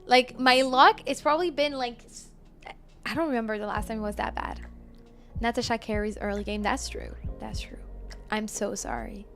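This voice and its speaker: A woman's voice: a little high, steady tone, normal speed, a bit bright, soft background music. A woman streaming a game, chatting casually with viewers, apologetic and laughing often. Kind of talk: casual live-stream chat.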